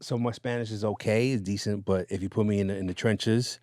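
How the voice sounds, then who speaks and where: A low-pitched man chatting as a guest on a podcast, easygoing and anecdotal, pausing on fillers. The sound is dry and close, with little room around it. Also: dry recording. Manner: relaxed storytelling with fillers and laughs. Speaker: radio DJ guest. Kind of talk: casual interview chat.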